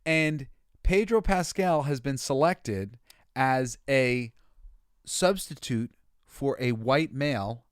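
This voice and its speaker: A man's voice: medium pitch, slow pace, clean tone, no room sound, clean studio sound. A man hosting a podcast, talking casually in a rambling, opinionated monologue full of fillers, restarts and exasperated sighs. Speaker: podcast host.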